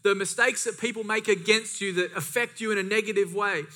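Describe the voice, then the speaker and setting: Man, pastor, sermon, emphatic repetition, high pitch. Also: fairly even intonation, a little fast, few pauses, pushed and bright. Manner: preaching with emphatic repetition and asides.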